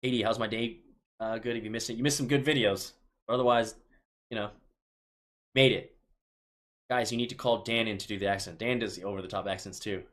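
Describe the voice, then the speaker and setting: A man's voice: lowish voice, steady tone, fairly quick, long pauses, a bit bright. A man in his thirties from Chicago, casually reading viewer questions aloud on a live stream and answering them offhand, often restarting his sentences. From Chicago, United States. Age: 30s.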